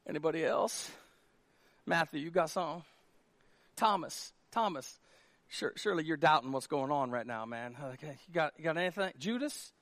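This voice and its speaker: A man voicing a weary male teacher who softly coaxes silent students to answer. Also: on the high side, lively intonation, normal speed, no room sound, voice pushed down. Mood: deflated. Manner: soft, deflated coaxing.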